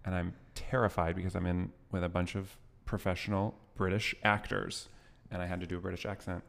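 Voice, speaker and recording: A man's voice: sits low, little pitch movement, brisk, gravelly, in a large hall. A young man co-hosting a podcast in casual, joking banter, recorded in the back of a gym. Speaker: podcast co-host. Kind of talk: casual chat.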